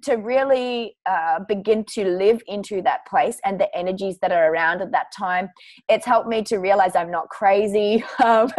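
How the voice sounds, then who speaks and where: A woman's voice: mid-range voice, normal speed, darkish tone, no echo. A woman hosting a podcast, talking casually and searching for words with fillers like "um" and "like". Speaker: podcast host. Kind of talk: podcast interview conversation.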